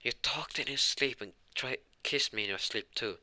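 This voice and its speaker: A man's voice: mid-range voice, moderate pace, pushed and bright, dry recording, pitched above the performer's own voice. A man voicing a shy, easily flustered young woman in a fan story he narrates.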